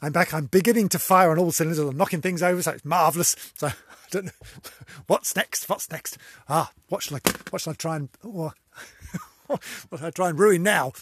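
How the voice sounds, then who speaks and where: A man's voice: fairly high pitch, brisk, slightly rough. A man hosting a solo podcast, rambling and easily distracted, with a theatrical, exclamatory delivery and frequent giggles. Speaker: podcast host. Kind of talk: casual solo podcast chat.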